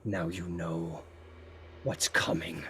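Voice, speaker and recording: A brooding old sea god, terse and threatening, speaking low and quiet, as a man puts him on. Short, heavy lines for a tabletop game. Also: fairly even intonation, slow pace, creaky, a little hiss or hum, full character voice. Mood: grim. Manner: low, curt, menacing.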